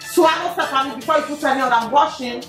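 A woman, the mother, acting as referee and timekeeper in a casual family challenge video, counting down and calling out the rules loudly. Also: high-pitched, quick pace. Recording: echoey room with music. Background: background music.

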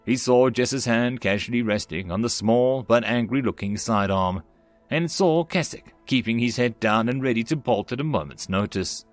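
A man's voice: mid-range voice, moderate pace, no echo, soft background music. Man narrating a sci-fi story. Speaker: audiobook narrator. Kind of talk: scripted narration.

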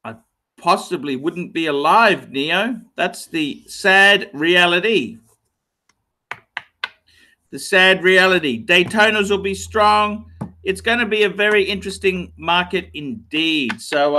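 A man in his forties rambles through a casual livestream, repeating himself and cursing in jest. His voice sits high and bright, and he talks slowly, dwelling on each phrase. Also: a little hiss or hum. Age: 40s. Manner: reads out donor messages. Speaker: livestream host.

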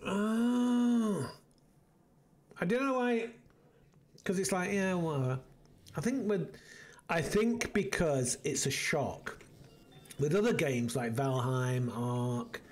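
A man's voice: mid-range voice, darkish tone. A man hosting a let's play, muttering and thinking aloud as he plays, rambling with restarts. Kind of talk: casual gameplay commentary.

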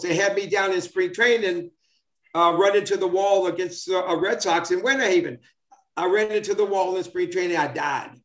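A man's voice: high voice, fairly bright tone. A man in his seventies telling old sports stories casually, rambling with many fillers and restarts. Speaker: former baseball player, guest. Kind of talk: casual storytelling. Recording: roomy echo.

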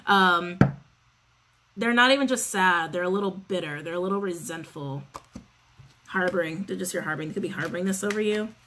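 A woman's voice: on the low side, fairly quick, sharp tone, a little hiss or hum. A woman giving a casual spoken tarot reading, chatty and sassy, swearing freely and repeating her phrases. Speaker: tarot reader.

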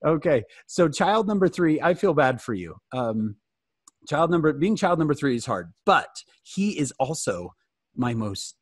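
Lively joking man telling family stories. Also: medium pitch, unhurried, husky, no echo, studio quality. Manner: animated, jokey, calls on listeners by name. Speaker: youth fireside speaker. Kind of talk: humorous storytelling talk to teens. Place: at home.

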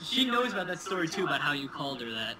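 High-voiced young man, flustered, crowd behind. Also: big pitch swings, fast. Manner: embarrassed, laughing, exasperated. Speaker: podcast co-host. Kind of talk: casual banter.

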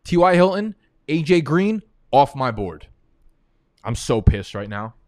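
A man hosting a live fantasy football mock draft, talking fast and excitably and breaking into frustrated, profane rants. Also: medium pitch, no room sound. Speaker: fantasy football analyst host.

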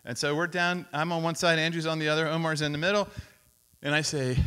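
A man preaching to a camp crowd, telling a story with lively acted-out quotes and sudden drops to a whisper. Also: fairly high pitch, moderate pace, smooth. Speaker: speaker at a youth camp. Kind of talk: storytelling sermon. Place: camp meeting hall.

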